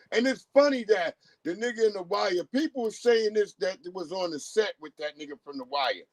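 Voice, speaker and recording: A man hosts a livestream full of casual, profane commentary, acting out the voices of the people he quotes. His voice runs on the high side, and the recording is dry.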